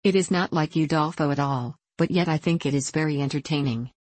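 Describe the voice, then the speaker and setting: A woman's voice: sits low, fairly quick, darkish tone, no echo. A woman reading aloud, voicing an earnest, innocent young woman in an audiobook. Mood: plain.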